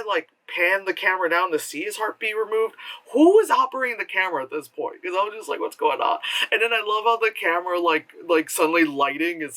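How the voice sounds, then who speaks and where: A man giving a rambling, profane movie review, full of fillers and quick exaggerated impressions of the characters. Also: on the high side, sharp tone, far from the mic, poor audio. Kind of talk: casual film review monologue. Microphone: camera with a flash.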